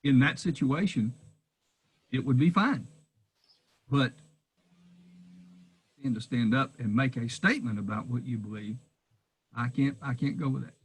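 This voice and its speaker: Preacher, male, husky voice, emphatic and firm. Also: medium pitch, expressive, a little slow, long pauses, poor audio. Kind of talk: casual discussion.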